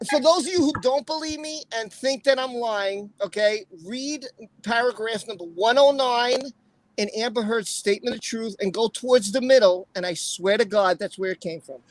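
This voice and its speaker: High-voiced giggly woman streamer. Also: moderate pace, no echo, rough recording. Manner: giggly, laughs often, exclaims a lot. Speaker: livestream host. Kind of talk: casual live-stream chat.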